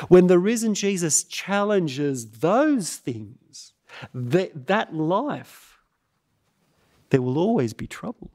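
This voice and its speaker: Male pastor, sermon delivery; slow, deliberate, emphatic, with long dramatic pauses. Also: on the high side, vocal fry, darkish tone. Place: church.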